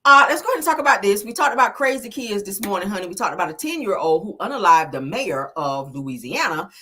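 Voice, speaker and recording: Brash, animated woman talking gossip. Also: mid-range voice, fast, slightly rough. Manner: brash, profane and animated, calls the audience "child" and "honey". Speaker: commentary host. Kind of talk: casual gossip commentary.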